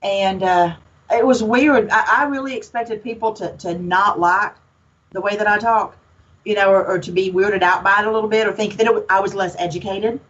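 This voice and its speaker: A woman's voice: mid-range voice, moderate pace, lo-fi sound. Outspoken Southern woman from Alabama. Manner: outspoken, folksy, lively. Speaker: podcast guest, paranormal investigator. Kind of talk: casual chat.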